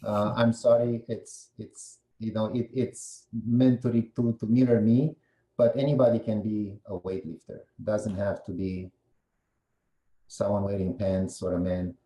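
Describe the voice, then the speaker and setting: A man's voice: on the low side, steady tone, a little slow, mellow, roomy sound, low-quality recording. A man giving a meetup presentation, explaining slides one by one and putting questions to the audience. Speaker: guest presenter.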